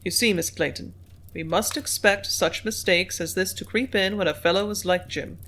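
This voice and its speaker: A reader voicing a calm company manager. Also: mid-range voice, moderate pace. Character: business-minded company manager, man.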